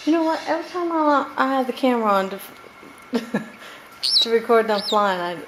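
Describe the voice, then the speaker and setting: A woman filming her pet parrots at home, coaxing them in a high, sing-song pet voice and laughing often. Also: animated, normal speed. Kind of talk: home video chat with pet birds. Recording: home camera with loud background noise.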